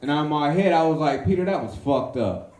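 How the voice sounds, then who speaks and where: A man doing a stand-up set in a comedy club, swaggering and crude, with sudden high-pitched character voices. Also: animated, brisk, a crowd in the background. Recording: echoey club room.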